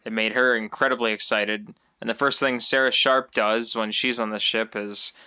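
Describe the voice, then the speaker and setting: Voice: medium pitch, steady tone, moderate pace, pushed and bright, clean tone. A podcast co-host chatting casually about a film, joking and reading quotes from notes. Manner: jokey, reads quotes from notes. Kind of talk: casual film recap chat.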